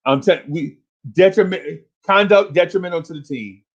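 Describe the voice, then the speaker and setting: A man hosts a sports talk livestream in a fairly high voice, ranting with exasperation. He repeats his complaints over and over and climbs into shouts. The audio is dull and lo-fi, like a home stream. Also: normal speed. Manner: exasperated, repetitive, rising to shouts.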